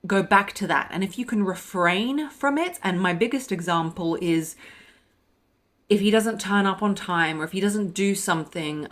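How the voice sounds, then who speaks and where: A woman's voice: fairly low pitch, fairly bright tone. A young woman hosting a podcast, giving blunt, emphatic dating advice in a confiding way. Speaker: podcast host and dating coach. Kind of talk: direct advice monologue.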